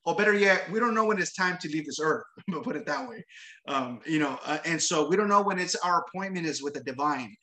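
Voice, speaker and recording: A preacher with a fairly high, sharp voice moves briskly and expressively through a sermon following a scripture reading. His conversational delivery features repeated words and frequent tag questions, heard in an echoey room.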